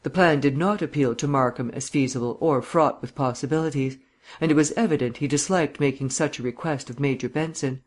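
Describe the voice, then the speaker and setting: A man narrating an audiobook in a measured, even reading. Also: medium pitch.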